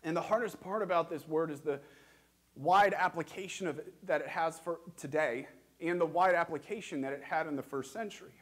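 A pastor preaching a sermon in a church, asking questions and speaking earnestly with measured, emphatic pauses. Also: male voice, fairly high pitch.

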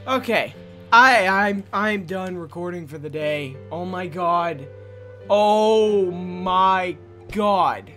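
A hoarse young man commentating on a video game, shouting, cursing and ranting in frustration. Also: sits high, takes it slowly, soft background music. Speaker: let's play gamer. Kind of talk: angry gameplay commentary.

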